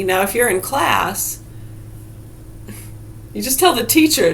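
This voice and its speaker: Gravelly-voiced woman ranting profanely. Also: mid-range voice, very animated, measured pace, long pauses, fairly bright tone, slight background noise. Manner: profane, sarcastic, heated. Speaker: vlogger. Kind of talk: casual ranting monologue.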